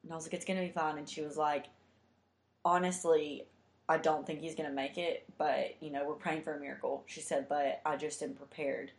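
A woman's voice: deep voice, little pitch movement, brisk, roomy sound. A young woman telling a heartfelt personal story in a chatty way, full of fillers. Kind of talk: casual storytelling.

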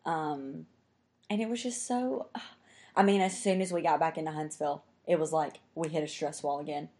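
A woman's voice: sits low, moderate pace, mellow. A young woman telling a story in casual chat, talking chattily and saying "like" constantly.

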